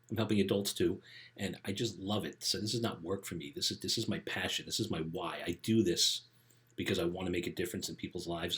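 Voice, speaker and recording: A middle-aged man with a deep voice and fairly bright tone gives a casual motivational talk as a life coach for teens. He speaks conversationally and often ends his sentences with "right?".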